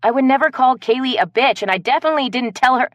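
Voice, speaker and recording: A woman's voice: sits high, fast, dry recording, muffled recording, pitched above the performer's own voice, lightly acted. A woman narrator voicing a short-tempered female store manager who speaks sharply and with exasperation in an audiobook. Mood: angry.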